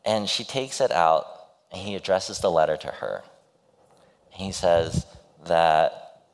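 A male pastor preaching a sermon, retelling a story in a halting, storytelling way with restarts. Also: low voice, long reverb tail.

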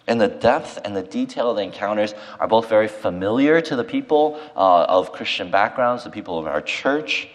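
A man's voice: on the low side, long reverb tail. A man preaching a sermon as pastor, earnestly explaining scripture and retelling its dialogue. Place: church sanctuary.

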